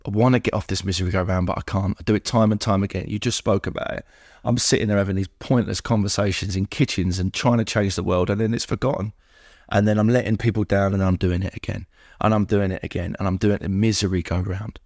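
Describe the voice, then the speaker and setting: A man with a fairly low voice speaks earnestly as a podcast guest, piling up words in rhythmic lists and circling back on his points. The sound is close and dry, with no room around it. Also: steady tone, fast talker, darkish tone, dry recording. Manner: earnest, repetitive, lists things in rhythmic runs. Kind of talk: emotional heartfelt conversation.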